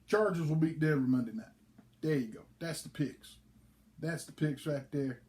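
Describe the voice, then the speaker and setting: A man's voice: on the high side, normal speed. A man, a league commissioner, chatting casually and telling a folksy joke. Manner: folksy, relaxed storytelling.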